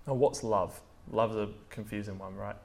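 A young Englishman preaches a casual sermon, chatting through stories with plenty of "like" and "um" fillers. His voice is lowish and creaky, with fairly even intonation at a moderate pace.

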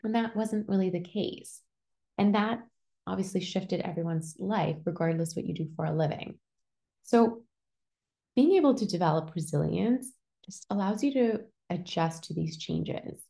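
A woman's voice: fairly low pitch, normal speed, creaky, dark tone. A young woman hosting a solo personal-growth podcast, talking in a casual, reassuring way with lots of "like" fillers. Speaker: podcast host.

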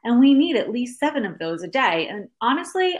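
A woman's voice: fairly high pitch, big pitch swings, a little fast. A woman in her thirties, a guest in a casual interview chat, talking in a chatty, explanatory way with many fillers.

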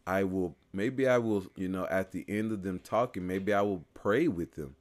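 A man's voice: deep voice, normal speed. A man talking casually about faith, hesitant and searching for his words with frequent restarts.

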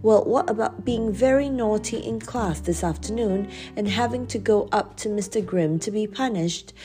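A woman's voice: mid-range voice, moderate pace, over music, voice pushed up, lightly acted. A woman reading an eager young brownie boy. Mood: earnest. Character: friendly schoolboy brownie, eager plotter.

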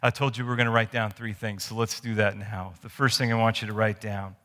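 This pastor has a lowish, slightly bright voice and a flat delivery, moving briskly with few pauses. He preaches in a church sanctuary, the long reverb of the hall trailing his conversational, storytelling sermon, which has restarts and asides.

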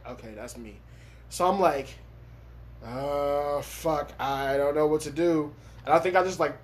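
Laughing, animated young man telling a story. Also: a little high. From Los Angeles, USA. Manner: animated storytelling, laughs often, swears freely. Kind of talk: casual podcast chat.

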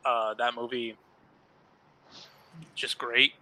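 Bright-voiced easygoing male podcast co-host. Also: mid-range voice, little pitch movement, drawn-out words, rough recording. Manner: easygoing, earnest, with frequent fillers. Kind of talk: casual podcast chat about superhero films.

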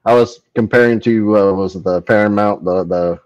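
A man chatting casually as a panelist on an online show, rambling and excited. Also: lowish voice, moderate pace, muffled recording.

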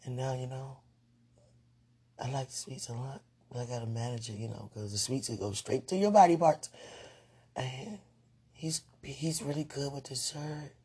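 A woman with a deeply husky, breathy voice talks casually to her viewers about faith. She sounds sleepy and often drops into whispered asides, then perks up in brief animated bursts. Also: moderate pace. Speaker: online talk host.

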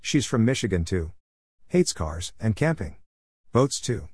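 A man's voice: lowish voice, big pitch swings, a little slow, a little mellow, slightly rough, dry recording, studio quality. A man narrating a personal story in the first person, in a reflective, wistful way.

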